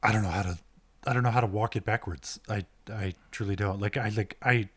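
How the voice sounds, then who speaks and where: Male author as podcast guest, low-ish voice, inquisitive and reflective, dry close recording. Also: brisk, fairly bright tone, no room sound. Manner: inquisitive, thoughtful, questioning. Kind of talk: casual conversation.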